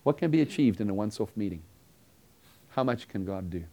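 A man preaching a sermon, earnestly telling a story and acting out the dialogue, sometimes dropping to a hushed tone. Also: on the low side, lively intonation, fairly quick.

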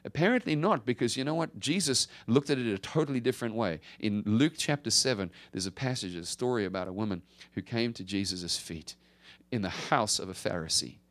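A male pastor preaching a conversational sermon, swinging from emphatic rises to hushed drops. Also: fairly low pitch, fairly quick.

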